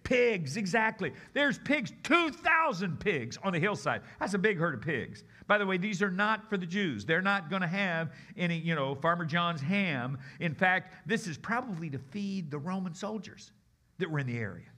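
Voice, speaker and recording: A man giving a sermon as a guest preacher, telling the story in a conversational, expressive way and swinging between loud and hushed delivery. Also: sits high, normal speed.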